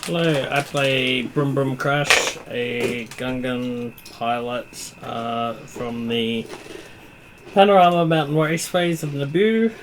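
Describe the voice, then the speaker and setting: A man's voice: medium pitch, fairly even intonation, slow, background noise. A man player introducing his character in a plain, matter-of-fact way. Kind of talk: casual table chat.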